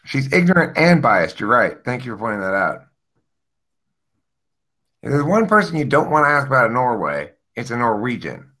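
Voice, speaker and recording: A man's voice: mid-range voice, very animated, normal speed, pushed and bright. Guy goofing around in a group chat, sarcastic fake-expert bit, voice bouncing all over. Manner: mock-expert, sarcastic teasing. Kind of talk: casual joking chat.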